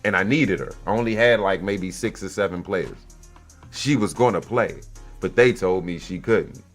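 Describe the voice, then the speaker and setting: A man hosting a casual podcast monologue, a youth basketball coach telling stories in a blunt, profane, animated way. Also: low voice, moderate pace, soft background music.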